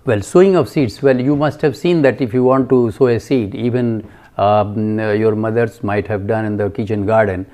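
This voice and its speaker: A man giving a recorded lecture, halting with many fillers and asking and answering his own questions. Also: fairly low pitch, mellow.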